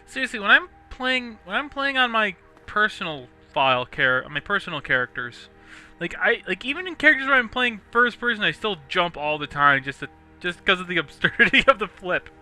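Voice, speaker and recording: Young dude rambling over his game, super bright clear voice, bit high. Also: big pitch swings, a little fast, soft background music. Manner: rambling, chatty, laughs often. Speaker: let's play host. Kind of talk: casual gameplay commentary.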